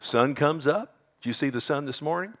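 A middle-aged man, a pastor, preaching a sermon with animated delivery, mimicking mockers in a higher voice and dropping to quiet warnings. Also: fairly quick, slight background noise. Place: church sanctuary.

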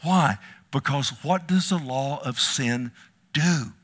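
A man preaches with a bright, forceful tone. He climbs into loud, urgent cries, then sinks to a hushed plea, and he keeps calling his listeners "loved one". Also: takes it slowly, slightly rough. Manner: impassioned, swings from loud rising cries to low hushed pleading. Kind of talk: sermon.

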